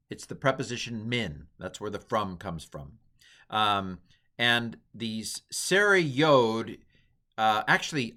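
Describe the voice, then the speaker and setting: A man's voice: medium pitch, sharp tone. A man teaching a language lesson in a casual, rambling way, correcting himself often and making small joking asides. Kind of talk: casual classroom lecture.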